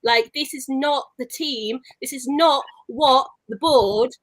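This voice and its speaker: Woman fuming about her club, bit high voice, dry sound. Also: slow, no echo. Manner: angry, close to tears. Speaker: football fan pundit. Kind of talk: heated casual chat.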